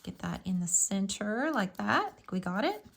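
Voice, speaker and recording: A woman's voice: mid-range voice, very animated, moderate pace, vocal fry, a bit bright. A woman hosting a live craft tutorial, talking through each step in a chatty, enthusiastic way with frequent fillers.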